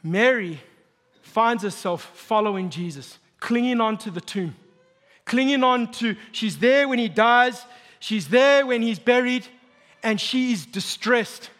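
A married man preaching a sermon as pastor, emphatic and building to near shouts. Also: very high voice, a little slow. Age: adult, married. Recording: long hall reverb.

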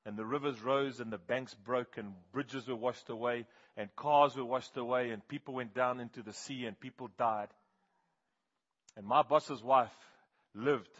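A South African male pastor delivers an emphatic sermon and calls on the congregation to repeat key words. His voice is husky and his pitch sits in an average range. The recording sounds dull and lo-fi. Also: a bit bright.

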